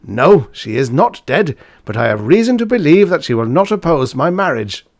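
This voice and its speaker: A man's voice: fairly high pitch, very animated, moderate pace, creaky, no room sound, studio quality, pitched above the performer's own voice, full character voice. A man doing a blustering old professor. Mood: boisterous. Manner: blustering, shouting. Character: boisterous elderly male professor, hearty and testy.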